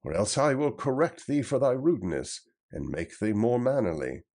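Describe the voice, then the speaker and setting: A man's voice: mid-range voice, big pitch swings, normal speed, darkish tone, voice pushed up. A man voicing a proud outlaw leader who speaks in a formal, emphatic, old-fashioned way. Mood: courtly.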